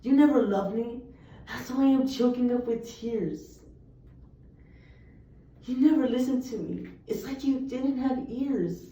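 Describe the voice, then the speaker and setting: A woman's voice: fairly high pitch, measured pace, pauses often, mellow. A young woman reciting poems earnestly, with emphatic delivery. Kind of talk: poetry recitation. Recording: echoey, distant, muffled room recording.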